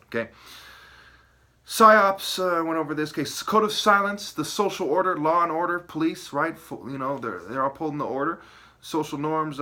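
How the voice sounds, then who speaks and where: A man with a mid-range, sharp-toned voice rants at the camera as a video commentator. He is agitated and profane, jumping from wordplay to accusations while repeatedly asking "okay?" and "right?"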